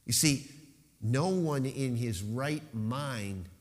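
A man preaching a sermon as pastor, emphatic, slowing to stress key phrases and dropping into rhetorical questions. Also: mid-range voice, long reverb tail.

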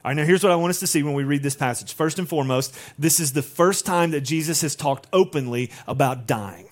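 A man preaches a sermon as if chatting with the room, with frequent rhetorical questions. His voice sits fairly high for a man, and he breaks into short acted-out lines. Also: a little fast. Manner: conversational, uses rhetorical questions and acted-out quotes. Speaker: pastor.

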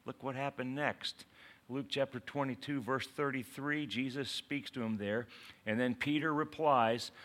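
A man preaching a sermon in an animated way, acting out quotes and asking the congregation questions. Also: medium pitch, a little slow. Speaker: pastor.

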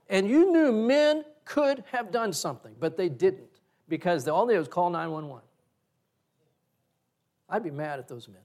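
Lively, somewhat high-voiced male preacher. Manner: animated storytelling with sudden loud jumps. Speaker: pastor. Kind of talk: sermon.

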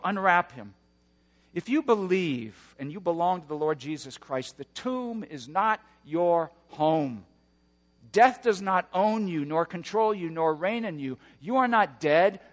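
A man preaching a sermon, moving between hushed, slow passages and loud, roaring emphasis. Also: sits high, long reverb tail. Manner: dynamic preaching, swings from hushed to shouting. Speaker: pastor.

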